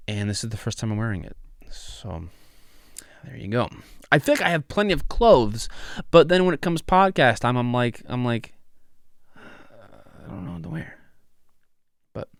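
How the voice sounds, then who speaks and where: A young man hosting a casual podcast, loose and excitable, swearing freely and laughing often. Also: mid-range voice, moderate pace, long pauses, clean tone, no room sound, studio quality. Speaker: podcast host. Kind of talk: casual solo podcast chat.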